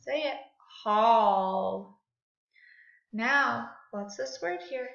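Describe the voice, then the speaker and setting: Woman teacher, high bright voice, very slow exaggerated phonics drills, echoey room. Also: animated. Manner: slow, exaggerated sounding out of words for children. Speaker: second grade teacher. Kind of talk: online phonics lesson. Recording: echoey room, dull lo-fi audio.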